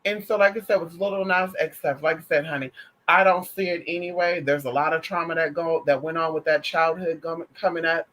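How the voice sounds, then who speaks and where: A woman's voice: deep voice, steady tone, brisk, fairly bright tone, low-quality recording. A trans woman delivering a casual opinion monologue to her viewers, sassy and emphatic, with heavy profanity and pet names like honey and girl. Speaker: vlogger.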